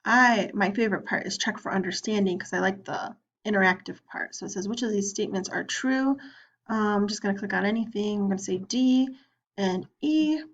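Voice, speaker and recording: Speaking briskly at a medium pitch, a woman teacher guides students through an online lesson on a screen recording. She's chatty, clicking along and playing both the students asking questions and the teacher. The audio is dull.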